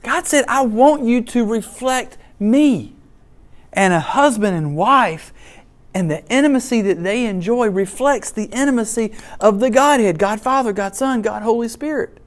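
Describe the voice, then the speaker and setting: A middle-aged man delivers a sermon in an animated, storytelling way. He mixes scripture with funny personal asides. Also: sits high, moderate pace. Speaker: pastor.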